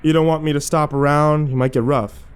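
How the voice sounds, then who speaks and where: A man voicing a burly, gruff male orderly with a deep, growling Tennessee accent. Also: steady tone, a little fast, lightly acted.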